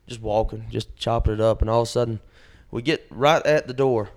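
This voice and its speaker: A man's voice: on the low side, darkish tone. A man, co-hosting a podcast and telling rambling stories with plenty of fillers. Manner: rambling, drawn-out storytelling with many fillers. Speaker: podcast co-host. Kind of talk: casual storytelling chat.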